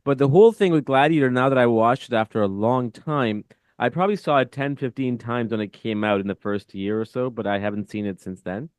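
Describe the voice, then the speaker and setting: A man's voice: mid-range voice, a little fast, clean tone, no echo, studio quality. A man in his thirties hosting an interview, reflective and thinking aloud with many fillers. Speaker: podcast host, film director. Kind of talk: casual interview chat.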